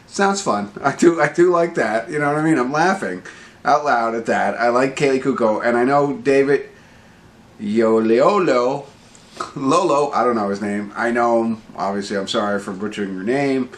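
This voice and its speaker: A middle-aged man reviewing a movie in a casual, rambling way, joking at his own expense, full of fillers and restarts, his voice a bit hoarse. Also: mid-range voice. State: slightly hoarse voice.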